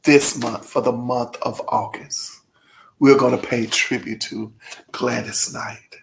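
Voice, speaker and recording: A man's voice: medium pitch, fairly even intonation, takes it slowly, gravelly, a little hiss or hum. A man hosting his own channel, chatting casually and emotionally with viewers in a gushing, folksy way. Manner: folksy, addresses viewers directly. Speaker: channel host. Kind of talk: casual vlog chat to viewers.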